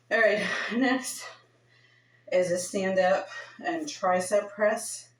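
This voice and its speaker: Heard from a distance in an echoey room, a woman runs a home workout, counting reps in a relaxed, chatty manner and sounding out of breath. She has a medium-pitched voice and draws out her words.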